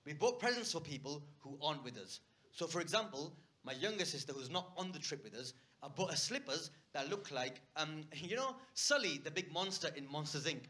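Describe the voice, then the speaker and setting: A man doing stand-up, telling a story and acting out a shouting argument. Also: on the high side, animated, fairly quick. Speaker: stand-up comedian. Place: comedy stage before a live audience.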